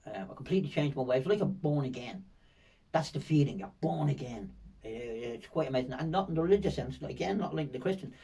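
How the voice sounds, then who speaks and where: An older man with a Dublin accent tells vivid, winding stories as a podcast guest, looping back with fillers and repeated words. His voice is dark and mellow. He sits a little away from the microphone. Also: mid-range voice, expressive, fast talker, husky, far from the mic, poor audio. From Ireland. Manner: rambling, vivid storytelling with frequent fillers and repetitions. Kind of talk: storytelling in a podcast interview.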